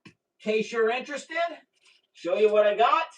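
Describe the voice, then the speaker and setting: Excitable man hosting a live science demo. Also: high voice, moderate pace, rough recording. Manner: chatty and excitable, talks to viewers, cheers at results. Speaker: livestream host doing chemistry experiments.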